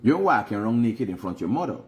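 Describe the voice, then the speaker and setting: A man's voice: on the low side, very animated, fast, lo-fi sound. A Guyanese man hosting a vlog, talking frankly and preachily, giving life advice and repeating phrases for emphasis. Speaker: host. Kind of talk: casual advice monologue.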